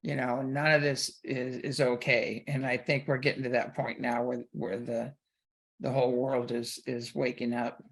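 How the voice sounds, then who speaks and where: A man's voice: mid-range voice, little pitch movement, moderate pace, vocal fry, a bit bright. A man hosting a talk radio show, telling a personal story in loose, casual conversation full of "you know".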